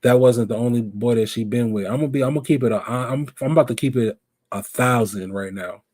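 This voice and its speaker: Man, live stream host, animated casual talk, mid-pitched voice. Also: fast, no room sound, clean studio sound. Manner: animated, asks viewers questions.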